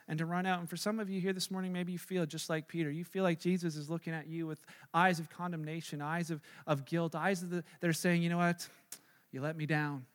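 High-voiced preaching man in echoing hall. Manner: earnest, swells louder when retelling scenes. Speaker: pastor. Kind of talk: sermon.

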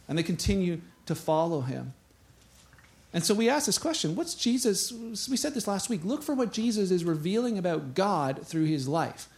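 A pastor preaching a sermon, telling scripture stories in an animated way and acting out the voices of the people in them. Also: male voice, sits high, moderate pace.

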